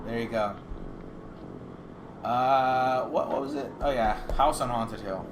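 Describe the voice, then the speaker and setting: A man streaming a film reaction, joking loudly, swearing and doing silly accent bits for his chat. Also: mid-range voice, a little slow, a little hiss or hum. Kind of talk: casual livestream reaction.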